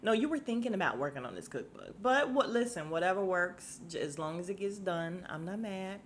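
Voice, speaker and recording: A woman's voice: fairly low pitch, expressive, brisk, slight background noise. A woman hosting a podcast at home, recapping a reality show in a chatty, sassy way and laughing often. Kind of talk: casual chat.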